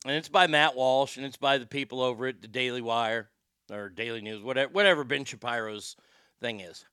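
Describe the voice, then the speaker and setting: A man with a mid-range, sharp, clean-toned voice talks briskly in clean studio sound with no echo. Hosting a livestream, he chats casually and reads viewer comments in a rambling, profane manner, restarting frequently.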